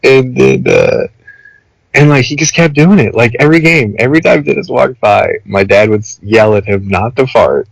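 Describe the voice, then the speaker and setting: A young man co-hosting a podcast, rambling through stories in a loose, animated chat full of "like". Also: medium pitch, moderate pace, creaky, breathy edge, dry recording, poor audio. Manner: rambling, animated storytelling with lots of "like". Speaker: podcast co-host. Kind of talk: casual chat.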